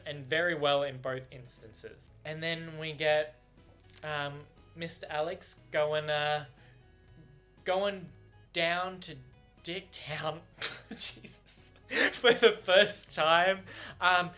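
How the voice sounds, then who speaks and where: A man's voice: fairly high pitch, slow, bright, forceful tone, faint music behind. Giggly, rambling man reviewing a book. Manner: bubbly and giggly, rambling with many fillers. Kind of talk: casual book reaction chat. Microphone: camera mic.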